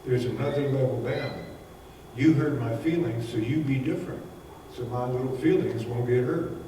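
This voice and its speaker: A man speaks as a spiritual teacher at a middle pitch, telling homey stories and chuckling between points. His voice is picked up from a distance, so it rings out in a large hall with a long, echoing tail. A faint hiss of the room sits underneath. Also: normal speed, dark tone. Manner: folksy, anecdotal, chuckles often. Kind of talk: conversational spiritual talk. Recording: echoey hall recorded from far off.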